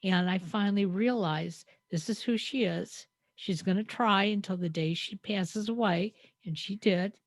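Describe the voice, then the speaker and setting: A woman's voice: medium pitch, a little slow, hardly any pauses, no echo. A woman co-hosting a podcast, reflective and storytelling with frequent hesitant fillers. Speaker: podcast co-host. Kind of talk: conversational podcast talk.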